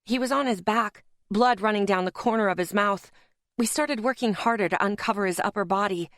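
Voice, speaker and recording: A woman's voice: mid-range voice, fairly quick, fairly bright tone, no echo, studio quality. A woman narrating a first-person audiobook in a tense, dramatic storytelling manner.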